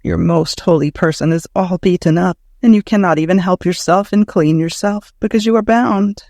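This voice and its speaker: Male narrator with a high voice for a devotional audiobook, prayerful and emotional. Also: moderate pace, darkish tone, dry recording, studio quality.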